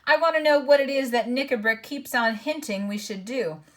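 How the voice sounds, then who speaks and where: A woman's voice: high voice, moderate pace, a bit bright, pitched above the performer's own voice. A woman voicing a young boy king who speaks firmly and impatiently. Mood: commanding. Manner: firm, commanding.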